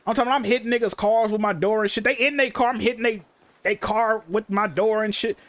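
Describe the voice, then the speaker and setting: This is a man with a high voice for a man, talking on a casual game livestream. He tells animated stories, swearing freely and peppering them with slang. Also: a little fast, no echo. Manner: profane, animated storytelling, heavy slang. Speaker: game streamer.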